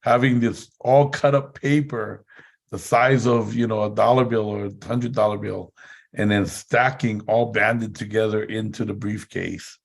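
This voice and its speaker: A man's voice: lowish voice, steady tone, measured pace, vocal fry. A man giving a motivational seminar talk, telling chatty anecdotes and laughing often. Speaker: seminar speaker.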